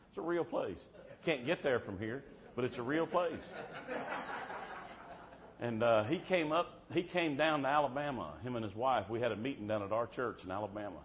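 A man preaching a revival sermon in church, telling stories and swinging from soft-spoken to shouting. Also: medium pitch, moderate pace. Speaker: traveling preacher. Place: church service. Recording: dull muffled sound with faint background hiss.

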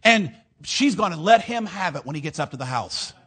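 A man preaching in a high register. He delivers an emphatic sermon, punctuated by amens, that swings from loud declarations to quiet, low asides. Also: expressive, normal speed, husky. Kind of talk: fiery sermon.

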